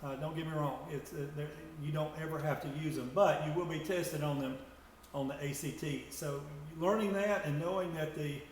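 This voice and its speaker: Echoey teacher speaking from afar. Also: male voice, a little high. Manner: halting, repeats words while explaining. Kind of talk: grammar lesson to students. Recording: echoey room from far off, faint noise.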